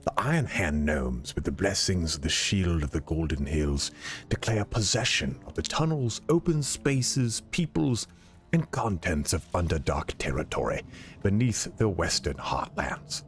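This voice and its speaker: A man's voice: low-pitched, very animated, measured pace, full character voice. A man putting on a pompous British gnome herald. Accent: British, put on. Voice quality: stiff, formal proclaiming cadence. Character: male gnome herald proclaiming a deed, pompous. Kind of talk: in-game text read aloud in a put-on voice.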